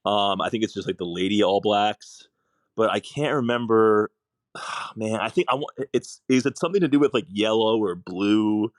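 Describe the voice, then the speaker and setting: Man, quiz player, lowish clear voice, hesitant, thinking aloud. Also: normal speed, no echo, studio quality. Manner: hesitant, unsure. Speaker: quiz contestant.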